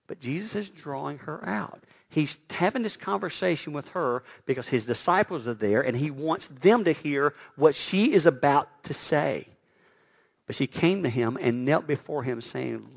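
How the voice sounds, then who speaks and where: A man preaching a sermon who swings from loud emphatic lines to hushed, near-whispered quotes, and stumbles over repeated words when excited. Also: fairly high pitch, normal speed, vocal fry.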